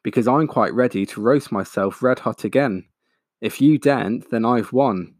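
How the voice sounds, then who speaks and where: A man voicing a calm, resolute male iron giant who speaks in a firm, measured way. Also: medium pitch, no echo, studio quality, lightly acted.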